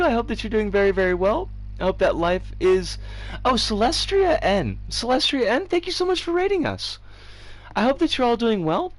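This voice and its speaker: An American woman in her forties chatting casually on a game stream, animated and giggly with sudden excited squeals. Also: a little high, brisk. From United States. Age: 40s. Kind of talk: casual livestream chat while gaming. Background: game music.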